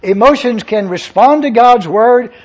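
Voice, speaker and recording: A man's voice: extremely high pitch, a little slow. A man preaching a sermon, emphatic, repeating key phrases and checking that listeners follow. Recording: dull lo-fi sermon recording.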